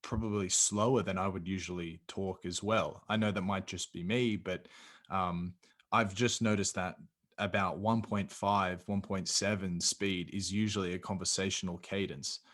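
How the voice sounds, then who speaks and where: Australian man, podcast host, very low voice, relaxed and enthusiastic. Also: moderate pace. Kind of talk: casual interview.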